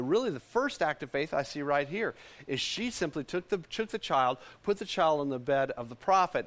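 Animated preacher man. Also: mid-range voice. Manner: animated, repeats lines for the congregation to echo. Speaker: pastor. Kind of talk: sermon.

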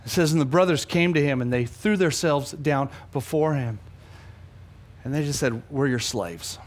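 Animated high-voiced male preacher. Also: normal speed. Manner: animated preaching, swings between loud emphasis and hushed asides; repeats words for emphasis. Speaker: pastor. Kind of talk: sermon.

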